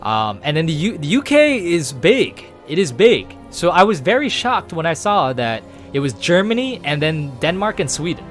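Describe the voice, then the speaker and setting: A man streaming a game, chatting casually with viewers in a rambling, animated way with casual swearing. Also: on the high side, moderate pace, few pauses, soft background music. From United States. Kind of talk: casual chat with viewers while gaming.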